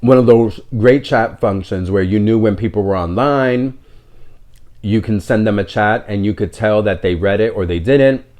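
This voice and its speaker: A middle-aged man from New tells a personal story in a relaxed monologue. His voice sits on the low side comes through as he rambles candidly with fillers. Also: moderate pace. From New York City. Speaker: podcast host.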